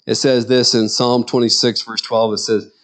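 A man's voice: mid-range voice, flat delivery, moderate pace, fairly bright tone. A middle-aged man, a pastor, preaching a sermon in an earnest, conversational way with personal stories.

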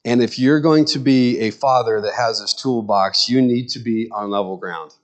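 A man's voice: mid-range voice, normal speed, dull audio. A middle-aged man, a pastor, preaching a sermon in an earnest, conversational way with personal stories.

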